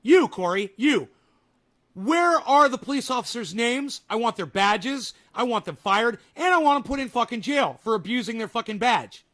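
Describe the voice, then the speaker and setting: High-voiced ranting male streamer. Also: lively intonation, moderate pace, a bit bright. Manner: angry, mocking, swears heavily, talks to chat. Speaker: streamer reacting to clips. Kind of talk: profane live-stream rant.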